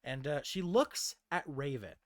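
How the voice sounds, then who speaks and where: Man, game master, animated tabletop narration, slightly high voice, dry home mic. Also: unhurried, no echo.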